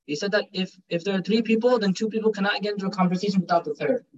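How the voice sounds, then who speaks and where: A young man gives a casual religious lecture, chatty and joking, mixing Urdu and Arabic phrases into his talk. His voice sits high and he speaks quickly. The recording sounds dull and distant, as if the mic is set back from him. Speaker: Islamic teacher giving a talk.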